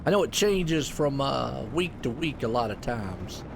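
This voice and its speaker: A man calling a sim racing event, excitable and folksy, with loud bursts on big moves. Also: medium pitch, measured pace, vocal fry, very noisy. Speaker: race commentator. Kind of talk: sim racing play-by-play commentary.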